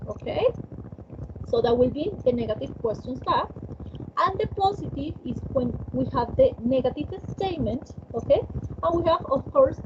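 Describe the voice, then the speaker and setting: High-voiced woman teaching English online. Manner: frequent "okay?" checks, clear explaining. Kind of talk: online class explanation. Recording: dull lo-fi call audio with clear noise.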